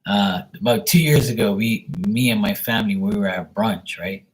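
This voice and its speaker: Guy on a live stream rambling funny stories, kinda low husky voice, swears a lot. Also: moderate pace, low-quality recording. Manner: loose, swearing, laughing at his own stories. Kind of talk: casual storytelling chat.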